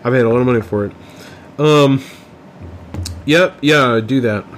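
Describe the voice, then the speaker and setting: A man's voice: mid-range voice, measured pace, slight background noise. A man with a Southern US accent, co-hosting a podcast in casual chat and laughing often as he tells stories. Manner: laughs often, animated storytelling. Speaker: podcast co-host.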